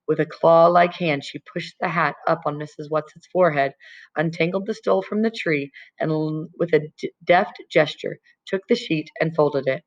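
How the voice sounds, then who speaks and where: A woman narrating a novel aloud as an audiobook reader, in a calm, even storytelling manner. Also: deep voice, moderate pace, dull audio. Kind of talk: scripted narration.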